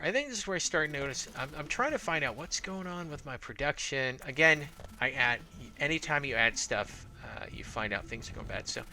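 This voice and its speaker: A man from Arizona talks his way through a game session in a loose, rambling commentary, thinking aloud between fillers. His voice is bright and lively, with pitch that swings freely. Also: a little hiss or hum. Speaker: gameplay commentator. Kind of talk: casual let's-play commentary.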